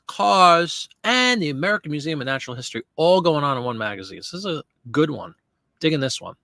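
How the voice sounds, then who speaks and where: Casual male live-stream host, slightly high voice, dry close mic, talks to chat as he works. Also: a bit bright, dry recording. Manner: chatty, reads and answers viewer comments while working. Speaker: live stream host listing items for sale.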